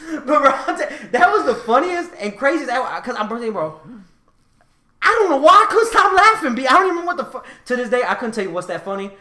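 A man from Houston telling profane, animated stories on a casual chat show, often laughing. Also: very high voice, brisk, echoey room. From Houston, Texas.

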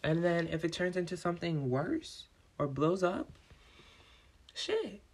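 A restaurant manager vlogs casually about something that happened at work, animated and cursing as he shifts between calm and agitated. His voice sits a little high and he speaks at a moderate pace.

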